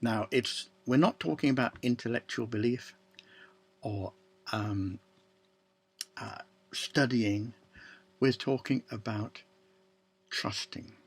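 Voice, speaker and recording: A man preaching a sermon, slow and deliberate, with long pauses and quiet drops to a near-whisper. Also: mid-range voice, slightly rough. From Ireland.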